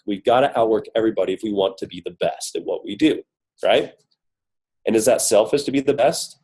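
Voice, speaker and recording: His voice worn by a cold, a corporate guest speaker still sounds upbeat and emphatic as he motivates a team on a coaching call, asking rhetorical question after rhetorical question. The tone is warm and fairly low-pitched, but the recording quality is poor.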